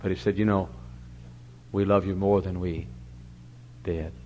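An older man preaching a sermon in a church. He tells stories with big swings from loud to hushed. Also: sits low, little pitch movement, a little slow. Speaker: pastor. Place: church sanctuary. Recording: dull, lo-fi church recording with faint hum.

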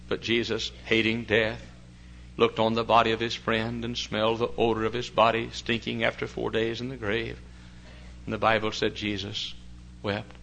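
Older preacher with a bright, forceful voice. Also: male voice, fairly low pitch, gravelly, a little hiss or hum, poor audio. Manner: swings from quiet talk to loud impassioned preaching; folksy, chatty asides with fillers. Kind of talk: sermon.

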